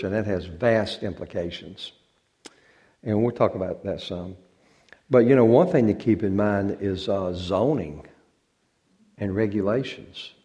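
A man's voice: on the low side, warm tone. A male pastor giving an informal talk to a church congregation, folksy and joking and drawing out words for effect. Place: church sanctuary.

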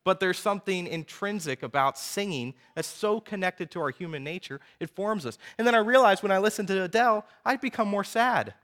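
A man in his thirties preaching a sermon, telling personal stories in a lively, conversational way with frequent asides to the audience. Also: high-pitched, a little fast, few pauses. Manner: animated storytelling, conversational asides.

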